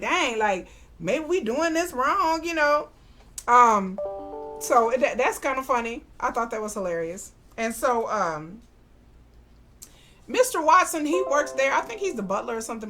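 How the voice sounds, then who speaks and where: A woman, casually recapping a TV drama, chatty and animated, acting out the characters' lines with slang asides. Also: fairly high pitch. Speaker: podcast host recapping a TV drama.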